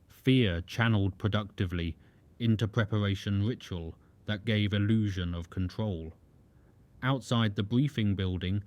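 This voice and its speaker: A man giving scripted story narration in a measured, even delivery. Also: lowish voice. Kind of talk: scripted documentary-style narration.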